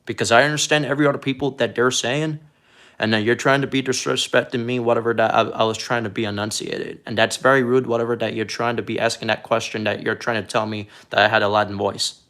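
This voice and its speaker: A man from Puerto Rico talking casually on a live stream, rambling and halting, often repeating words as he restarts sentences. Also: mid-range voice, level tone, fairly bright tone. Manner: defensive, earnest.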